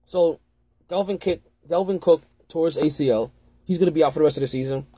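A man's voice: on the high side, a little fast, mellow, husky, no echo. Rambling man hosting a sports podcast. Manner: rambling, repeats himself, corrects himself often. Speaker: podcast host. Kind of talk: casual fantasy football tips.

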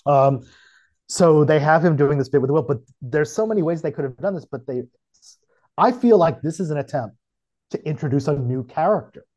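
A man co-hosting a podcast, casually thinking aloud about a show's script with halting restarts. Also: fairly high pitch, a little mellow, dull audio. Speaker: podcast co-host. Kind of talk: casual chat.

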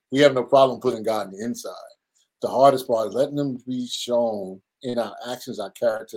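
A man's voice: mid-range voice, a little mellow, rough recording. A man in his fifties, a pastor and men's ministry leader, talking earnestly in an interview and acting out the people he quotes. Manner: earnest, preacherly, acts out quoted voices. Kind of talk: conversational interview.

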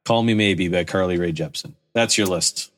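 A man's voice: sits low, moderate pace, fairly bright tone. A man teasing his co-hosts on a casual podcast in a dry way. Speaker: podcast co-host. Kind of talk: casual comedic chat.

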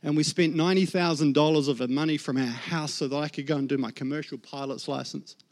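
A man's voice: a little high, steady tone, fast talker. A man in his thirties with a New Zealand accent, telling his own story in a sermon and acting out the voices in his head. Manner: storytelling, acts out his inner voices and God's words. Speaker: guest preacher. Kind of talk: sermon testimony.

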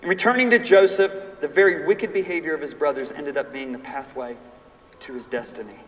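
Man in his fifties preaching in a big reverberant hall. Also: a little high. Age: 50s. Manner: animated storytelling, reads scripture slowly and emphatically. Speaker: preacher teaching a class. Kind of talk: sermon-style teaching with personal stories. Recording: echoey hall from far off, faint ambience.

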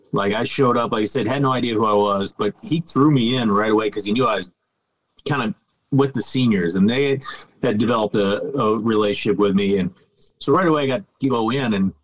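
A man's voice: lowish voice, rough recording. A middle-aged man, a podcast guest, casually telling stories, laid-back, swearing freely and laughing as he goes. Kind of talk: casual storytelling.

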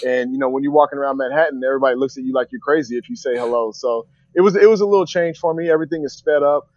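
A man, a former pro football player, telling stories as a podcast guest in a casual, animated way and acting out the voices of people in his stories. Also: mid-range voice, rapid-fire, no echo. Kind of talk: casual storytelling chat. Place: at home, joining remotely. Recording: dull, dry remote audio.

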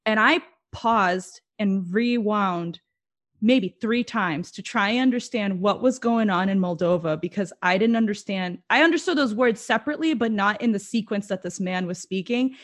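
A woman's voice: medium pitch, moderate pace. A woman chatting casually as co-host, telling a rambling story and laughing often. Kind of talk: casual chat.

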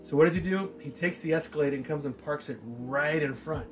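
A man in his forties telling a story in casual chat, profane and animated, often checking in with "right?". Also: fairly high pitch, fairly quick, faint music behind.

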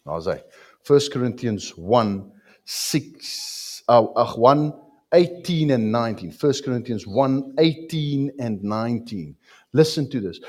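A man's voice: medium pitch, animated, slow, a little mellow. A man with a South African accent preaching a sermon in a church, joking with the congregation and dropping Afrikaans asides. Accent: South African English. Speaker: pastor.

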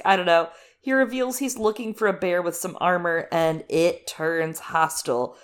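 A woman co-hosting a podcast, chatting casually about a TV episode, laughing often and acting out the characters' lines. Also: medium pitch. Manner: animated, laughs often, acts out quotes. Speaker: podcast co-host. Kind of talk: casual chat recapping a TV episode.

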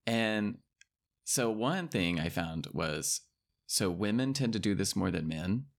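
Low-voiced man with a gravelly edge, thoughtful podcast co-host, casual and musing. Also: expressive, slow. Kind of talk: casual conversation.

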